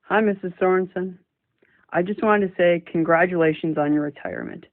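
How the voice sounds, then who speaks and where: Sex: man. Role: former student. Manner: friendly, chatty, meandering. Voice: higher than most. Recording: tinny, phone-like. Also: brisk. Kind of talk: recorded video tribute.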